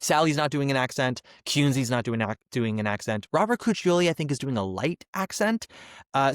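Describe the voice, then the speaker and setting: A man hosting a podcast, giving a casual, animated solo review with chatty asides. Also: mid-range voice, clean tone, no echo, studio quality. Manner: chatty and animated, slips into mocking impressions. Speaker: podcast host, theater reviewer.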